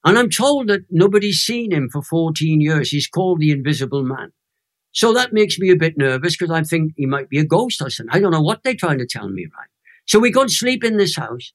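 An older man in his eighties with a Welsh accent and a fairly high voice tells his story with lively emphasis. He leans hard into the emotional peaks as a guest in an interview. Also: fairly quick. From Wales. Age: 80s. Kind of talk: animated storytelling testimony.

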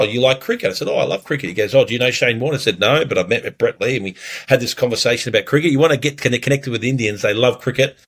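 Male pastor, earnest storytelling sermon, mid-pitched voice. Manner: storytelling, earnest, animated when retelling. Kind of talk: preaching a communion message.

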